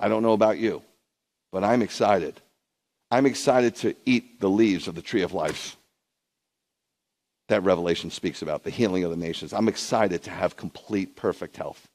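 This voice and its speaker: A man, a rabbi, preaching a sermon to a streamed congregation, conversational with viewers at home and rising into emphatic bursts. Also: moderate pace. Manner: emphatic preaching, surges high and loud in bursts.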